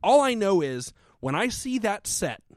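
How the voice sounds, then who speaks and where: Animated high-voiced man, profane storytelling. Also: measured pace, no echo, studio quality. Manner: animated, profane storytelling with sudden loud outbursts. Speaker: podcast co-host. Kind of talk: casual comedic recap chat.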